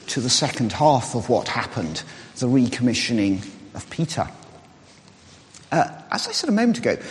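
A man preaching a sermon, explaining in a measured way and reasoning aloud. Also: medium pitch. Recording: reverberant hall.

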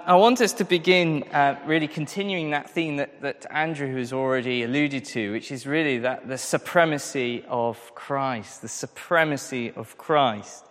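A man's voice: on the high side, a bit bright. A man preaching a sermon to a congregation in a chatty, self-deprecating way, often putting questions to the listeners. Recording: long hall reverb.

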